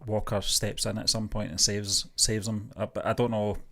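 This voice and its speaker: A man co-hosting a casual review podcast, speaking in a measured, agreeable way and often chiming in with "yeah". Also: on the low side, flat delivery, fairly bright tone. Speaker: podcast co-host.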